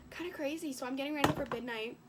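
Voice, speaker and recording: A woman's voice: high voice, rapid-fire, heavy background noise. A young woman vlogging in a casual, chatty way, sick and coughing now and then, with lots of fillers as she tells an emotional story. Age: young adult. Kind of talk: casual vlog chat.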